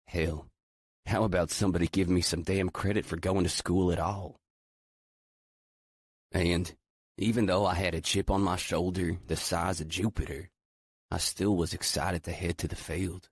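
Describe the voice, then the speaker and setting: Male audiobook narrator, deep and unhurried, brooding first-person read, dry close mic. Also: breathy edge, no echo.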